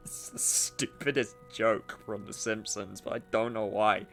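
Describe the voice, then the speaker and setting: A man's voice: fairly low pitch, a little slow, gravelly, a bit bright, soft background music. A man streaming a game, chatting casually and thinking aloud as he plays. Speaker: gaming streamer. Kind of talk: casual live-stream commentary.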